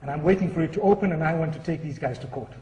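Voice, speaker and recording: A man voicing an arrogant, indignant woman shopper, complaining in a huffy, quick way, in an echoey hall. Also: fairly high pitch, warm tone, highs cut off, pitched below the performer's own voice, close to an everyday voice. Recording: echoey hall, far from the mic.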